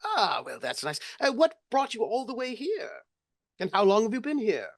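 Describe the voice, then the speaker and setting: A facilitator plays a nosy, snobbish aristocrat who fires off prying questions. The voice swings widely in pitch and stumbles with fussy hesitations. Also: big pitch swings, moderate pace, dry recording. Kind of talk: tabletop role-play in character.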